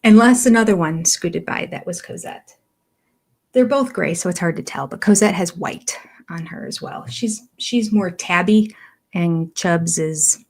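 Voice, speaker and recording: A woman's voice: unhurried, creaky. Older woman host, casual rambling livestream chat, easy laugh. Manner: chatty, rambling, laughs often; coos in a high voice to her cats. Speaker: livestream host reviewing a reality show. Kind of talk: casual chat, reading viewer comments.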